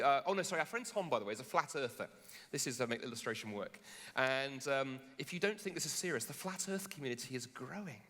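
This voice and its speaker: A man who is jet lagged argues in a jokey way on a conference stage. His voice is bright and forceful. The sound carries a long hall reverb. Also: medium pitch, lively intonation, fast, few pauses. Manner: jokey, with restarts and laughs. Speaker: Christian speaker in a debate. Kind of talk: animated public dialogue. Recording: echoey hall.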